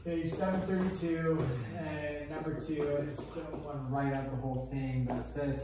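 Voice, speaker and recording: A man's voice: a little high, flat delivery, moderate pace, hardly any pauses, dark tone. Male math teacher, chatty and easygoing, heard from across a reverberant classroom with faint hiss. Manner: chatty, storytelling, laughs easily. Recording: echoey classroom, distant mic.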